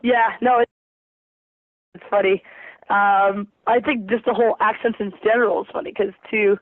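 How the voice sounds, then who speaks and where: A woman soccer player from New Jersey being interviewed by phone, answering casually with lots of hesitant filler pauses. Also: mid-range voice, fairly even intonation, dry recording. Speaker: pro soccer player, guest. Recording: tinny dry phone line.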